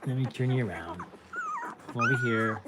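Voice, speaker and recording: A woman's voice: extremely low pitch, lively intonation, normal speed, very noisy. A woman chatting casually at home while tending a litter of puppies, cooing and scolding them between remarks. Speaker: co-host, puppy breeder. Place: indoors at home, by a puppy pen. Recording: loud puppy whimpering behind. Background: puppies whining and whimpering.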